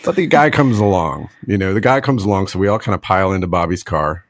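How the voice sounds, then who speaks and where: A middle-aged man tells a story on a casual podcast, his lowish voice rising and falling a lot as he acts out the people in it. He laughs often and slips into a put-on drawl. The sound is dry and close. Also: animated, fast, no echo. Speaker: podcast co-host telling a story.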